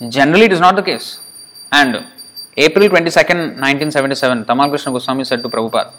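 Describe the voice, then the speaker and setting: A man's voice: medium pitch, racing, fairly bright tone, poor audio. A man giving a spiritual lecture to devotees, earnest and explanatory, often repeating phrases for emphasis. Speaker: religious teacher.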